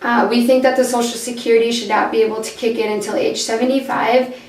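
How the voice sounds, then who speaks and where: A woman's voice: a little high, little pitch movement, quick pace. Young woman, student presenter, voice going, distant echoey room. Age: young adult. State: losing her voice. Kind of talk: class presentation. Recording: echoey room, far from the mic, faint noise.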